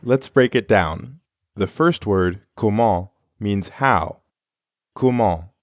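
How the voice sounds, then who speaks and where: Lower-voiced man teaching in a dry studio. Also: expressive, slow, no echo. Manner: clear, instructive, encouraging. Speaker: co-host of audio lessons. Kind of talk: scripted lesson narration.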